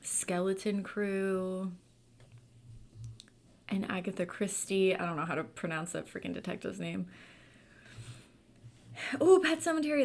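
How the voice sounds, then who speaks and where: A woman chats casually on a book club livestream at her desk mic, stopping to read comments aloud. Her voice sits at a middling pitch with plenty of "um"s and "okay"s in between. The talk stays loose and informal. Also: a little slow, gravelly, pauses often, darkish tone. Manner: chatty, reads viewer comments aloud, many fillers.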